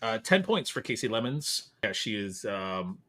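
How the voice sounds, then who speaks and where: A man's voice: on the low side, sing-song, moderate pace, sharp tone. A man hosting a casual movie trivia podcast, tallying points and chatting about films. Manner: upbeat, running scores and banter. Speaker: podcast host. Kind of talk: casual game-show chat.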